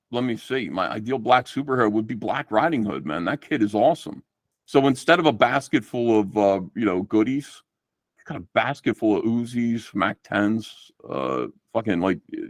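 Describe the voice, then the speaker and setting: A middle-aged man chatting casually as a guest on a livestream, telling stories in a rambling, profane, animated way. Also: on the low side, moderate pace, dry recording, clean studio sound. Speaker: guest comic book artist.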